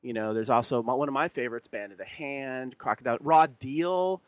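An American man hosts a podcast, and he rambles through his questions with a loose, friendly pace. His voice is mid-pitched and recorded dry and close. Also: brisk, dry recording, muffled recording. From United States. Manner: rambling, laughs easily, many fillers and restarts. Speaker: podcast host. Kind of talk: casual chat.

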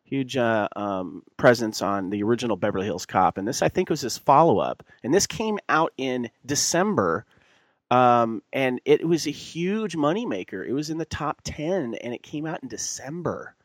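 A man's voice: mid-range voice, very animated, normal speed, no echo. A man hosting a podcast from the United States, rambling and laughing easily as he chats. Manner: rambling, laughs easily, many fillers and restarts. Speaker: podcast host. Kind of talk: casual chat.

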